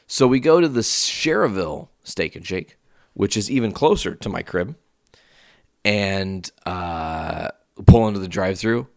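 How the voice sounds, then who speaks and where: A man hosting his own podcast, telling a story in a casual, profane, ranting way that jumps up in pitch when he gets worked up. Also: animated, measured pace, creaky, no room sound, studio quality. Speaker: podcast host.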